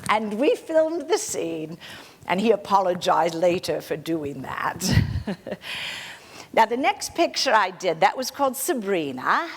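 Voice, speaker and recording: An actress in her sixties playing a gentle, modest film star who reminisces in a soft, gracious storytelling manner, laughing lightly now and then. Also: lowish voice, breathy edge, exaggerated voice. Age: 60s. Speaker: actor in a one-woman portrayal. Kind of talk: theatrical monologue. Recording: long reverb of a hall.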